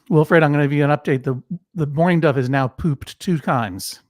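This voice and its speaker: A man's voice: a little high, normal speed, no room sound, studio quality. A man hosting a casual online talk show, playful and rambling, with absurd asides. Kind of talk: casual video chat.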